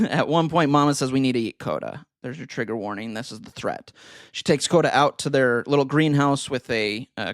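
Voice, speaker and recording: A man's voice: mid-range voice, no echo. Podcast co-host, male, loose rambling plot recap, dry close mic. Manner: rambling, loose retelling with fillers and self-corrections. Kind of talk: casual movie plot recap.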